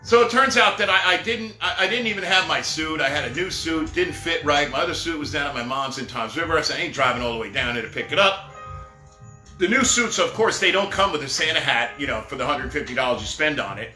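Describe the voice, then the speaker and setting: A man's voice: fairly high pitch, animated, quick pace, sharp tone. A middle-aged man telling rambling, jokey stories on a live stream and laughing at his own jokes, recorded in an echoey room with faint music behind. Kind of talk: casual storytelling.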